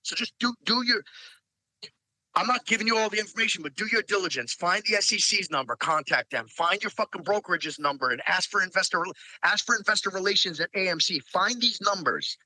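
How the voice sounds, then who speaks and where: A man's voice: high voice, animated, a little fast, pushed and bright, dry recording, rough recording. A man giving a heated, profane rant in a live audio room, stammering and restarting often.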